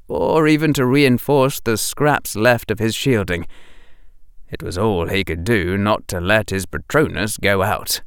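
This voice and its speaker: A man reading fantasy fiction aloud as an audiobook narrator, in a dramatic, expressive way. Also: on the low side, clean tone, no room sound, clean studio sound.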